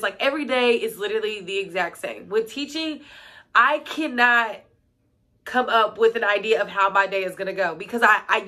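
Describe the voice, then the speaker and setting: A woman's voice: medium pitch, sharp tone. A young woman telling stories in a casual vlog, chatty and full of "like" and "um". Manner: chatty, fills talk with "like" and "um". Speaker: vlogger and middle-school teacher.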